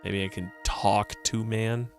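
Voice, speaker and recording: A man's voice: on the low side, level tone, slow, soft background music. A man streaming a retro adventure game, joking around and reading the game's text aloud. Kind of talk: casual game commentary.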